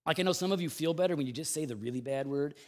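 A man preaching a sermon in a conversational way, moving between loud emphasis and quiet asides. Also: a little high, very fast. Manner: plays out the grumbling people in a raised voice. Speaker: pastor.

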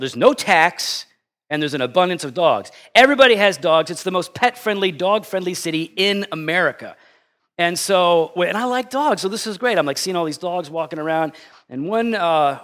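A middle-aged male pastor giving a conversational sermon, telling stories in an animated, self-deprecating way. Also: high voice.

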